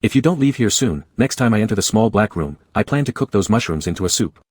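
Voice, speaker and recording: A man's voice: fairly low pitch, animated, quick pace, a little mellow, breathy edge, no room sound, clean studio sound. A man voicing a male task system companion in a comic story, teasing and exasperated.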